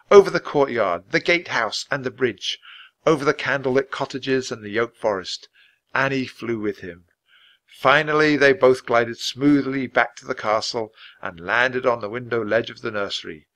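A man reading a children's book aloud in an expressive, clear, measured way. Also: mid-range voice. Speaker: storybook reader.

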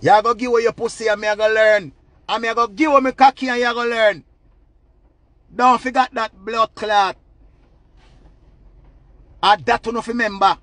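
A man with a Jamaican accent in a loud, profane, repetitive rant giving relationship advice. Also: very high voice, fairly even intonation, normal speed, pauses often, dry recording. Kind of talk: ranting monologue.

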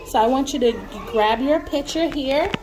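A young woman teacher patiently calming a small child, speaking in a soothing, reassuring way in a classroom. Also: sits high, normal speed. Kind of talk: gentle coaching of a young child. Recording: noticeable background noise.

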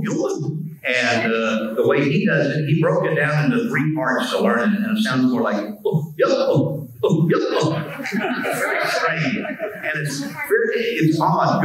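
Easygoing older man in an echoey hall. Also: mid-range voice. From United States. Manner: easygoing, chatty, self-deprecating. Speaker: panel guest voice actor. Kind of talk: relaxed anecdotal storytelling. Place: convention panel room. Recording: echoey convention hall, distant mic.

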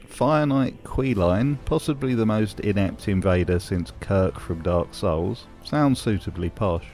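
A man's voice: fairly low pitch, unhurried, a little mellow, soft background music. A man narrating a video essay in a dry, wry tone. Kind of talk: scripted narration.

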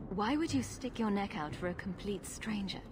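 An actress playing a wary young heroine in a video game, guarded and skeptical. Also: female voice, medium pitch, expressive, normal speed, noisy background, lightly acted. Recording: game audio with music. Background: background music.

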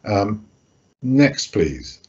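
Hesitant male art lecturer, low and husky, muffled recording. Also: sing-song, very slow, darkish tone. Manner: hesitant, many fillers and restarts. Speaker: guest speaker, art critic. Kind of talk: lecture-style talk over slides.

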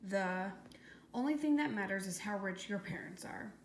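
A woman's voice: medium pitch, expressive, normal speed, lightly acted. A woman voicing a bratty, spoiled schoolgirl who sneers like a know-it-all, read in a storybook. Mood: snide. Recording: echoey room with faint hiss.

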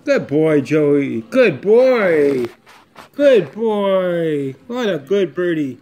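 A man coaxing his pet parakeet in a high, sing-song voice. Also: big pitch swings, drawn-out words, darkish tone. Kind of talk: talking to a pet bird.

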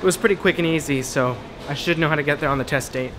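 A man's voice: a little high, quick pace. A young man talking casually to the camera in an upbeat, chatty, self-joking way. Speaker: vlogger. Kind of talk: casual vlog talk to camera. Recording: music playing under the voice.

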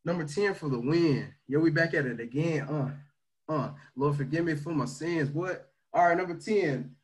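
Man, motivational livestream, slangy, energetic, loud pushes and soft asides, fairly high voice. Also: moderate pace, rough recording. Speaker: team leader teaching leadership.

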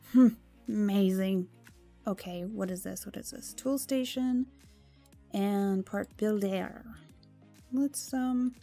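A woman's voice: mid-range voice, creaky, warm tone. A woman giving casual gameplay commentary, chatty and easily flustered, jumping to exclamations and dropping into whispers when nervous.

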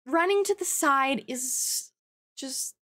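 A woman's voice: sits high, lively intonation, slow, pushed and bright. A young woman streaming a game, chatting casually and yelping and swearing when she gets hit. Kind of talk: casual gameplay commentary.

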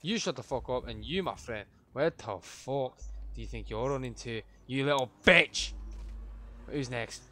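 A young man streaming a game live, cursing and hurling insults at everyone he runs into. His voice sits at an ordinary middle pitch, and his running commentary swings between muttered grumbles and loud outbursts. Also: moderate pace. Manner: profane, ranting, yelling insults at game characters. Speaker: livestreamer.

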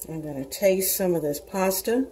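A woman's voice: lowish voice, expressive, normal speed, warm tone, slight background noise, low-quality recording. A woman in her sixties hosting a cooking show from her home kitchen, chatting to viewers in a homey way as she cooks. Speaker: cooking channel host. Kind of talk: casual cooking demonstration.

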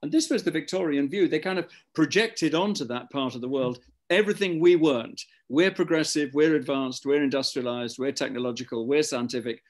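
A man co-hosting a live online book discussion over a video call, talking in a measured, lecturing way and building his points as lists. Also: on the high side. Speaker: co-host.

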